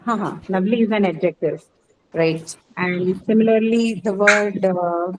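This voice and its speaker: A woman teaching an English class, explaining slowly and checking in with "right?" after each point. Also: mid-range voice, background noise. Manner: explains patiently, says "right?" often. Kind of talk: online class lecture.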